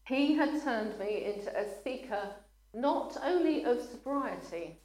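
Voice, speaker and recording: Preaching in an echoing room, a woman speaks with earnest feeling, occasionally choking up and apologizing before going on. Her voice is fairly high, animated, and darkish.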